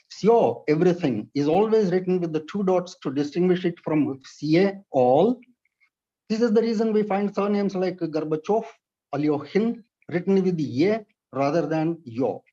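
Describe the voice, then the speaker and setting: Man, from India, high-pitched, mellow tone, precise lecture delivery, dull lo-fi sound. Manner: measured, precise, explanatory delivery. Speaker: lecturer on Russian pronunciation. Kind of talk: read-aloud lecture. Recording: dull lo-fi recording.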